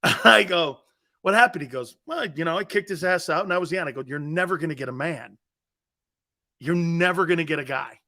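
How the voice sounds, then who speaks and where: Middle-aged male talk host, lively pitch, excitable, laughs loudly, acts out quotes. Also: a little fast. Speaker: sports talk show host. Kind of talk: animated storytelling on a sports talk show.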